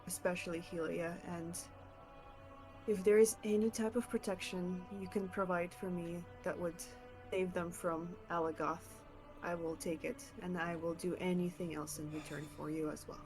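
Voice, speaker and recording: A woman's voice: on the low side, a little mellow, voice pushed down. A woman voicing an earnest female adventurer who speaks in a hesitant, heartfelt way.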